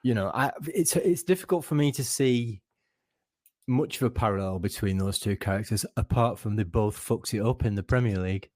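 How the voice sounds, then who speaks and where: Lower-voiced man thinking out loud. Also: moderate pace, no room sound, clean studio sound. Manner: thoughtful, restarts sentences while thinking aloud. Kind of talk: casual football chat.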